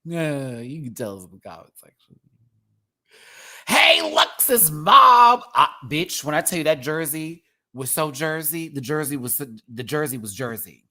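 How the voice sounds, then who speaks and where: A man's voice: medium pitch, lively intonation, moderate pace. A man from Texas giving a sassy, casual commentary on a drag competition, full of drag slang. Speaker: drag show reviewer.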